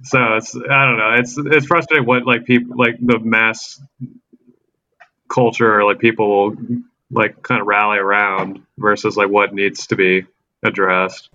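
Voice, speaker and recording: A man's voice: lowish voice, flat delivery, measured pace, pushed and bright, dull audio. A man co-hosting a casual podcast, searching for words with many fillers. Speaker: podcast co-host. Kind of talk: casual group chat.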